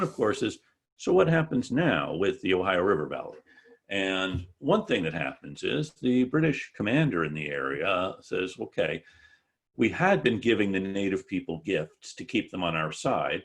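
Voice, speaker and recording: A man's voice: deep voice, husky. A man giving an online history lecture over a video call, joking and correcting himself as he goes. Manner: digressive, joking asides, self-correcting.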